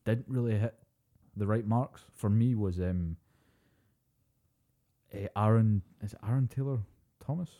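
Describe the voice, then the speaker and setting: A man co-hosting a podcast, telling stories in a sweary, animated casual chat. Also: fairly low pitch, unhurried, pauses often. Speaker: podcast co-host.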